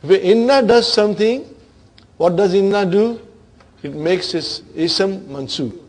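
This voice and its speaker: Guy teaching arabic grammar to a class, slow and careful, keeps asking the students if they follow and gets them to repeat after him. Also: high voice. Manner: calls on students, repeats and checks understanding; drills the class in call-and-response.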